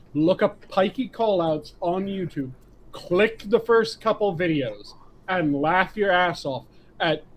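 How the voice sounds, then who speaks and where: High-voiced crude joking man. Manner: crude, joking, laughs a lot. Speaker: podcast co-host. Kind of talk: casual podcast chat.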